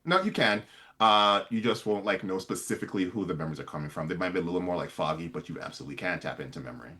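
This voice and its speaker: A man's voice: low voice, very fast, bright, forceful tone. A man running a tabletop game as game master, explaining rules in a loose, chatty way.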